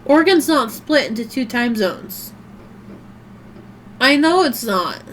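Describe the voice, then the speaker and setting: Rambling high-voiced woman streamer. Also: very animated, slow, a bit bright, slight background noise. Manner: rambling, swears casually. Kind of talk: casual chat while gaming.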